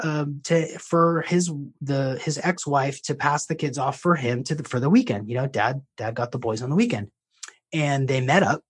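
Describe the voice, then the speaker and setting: A man's voice: medium pitch, breathy edge. A man working as a coach, telling a client's story and explaining a technique in a conversational way, with frequent restarts and casual swearing. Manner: swears casually when quoting.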